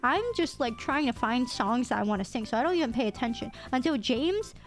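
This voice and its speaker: A young woman streamer telling a story in casual chat, animated and quick to laugh, with some casual swearing. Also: on the high side, faint music behind. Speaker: VTuber streamer.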